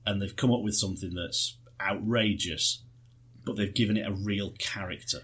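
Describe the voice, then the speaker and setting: A man co-hosting a podcast, chatting in a lively, enthusiastic way and telling anecdotes. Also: on the low side, moderate pace, slightly rough. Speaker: podcast co-host. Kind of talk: casual chat.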